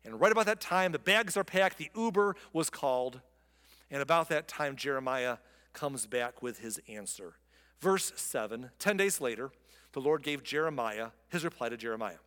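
A pastor preaching a sermon, reading scripture and adding conversational, joking asides. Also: male voice, medium pitch, expressive, moderate pace, fairly bright tone, long reverb tail.

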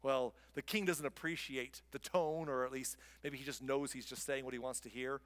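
A man's voice: mid-range voice, fairly even intonation, moderate pace, a bit bright. A man preaching a sermon, retelling a scripture story in a casual, conversational way. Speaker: pastor. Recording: long hall reverb.

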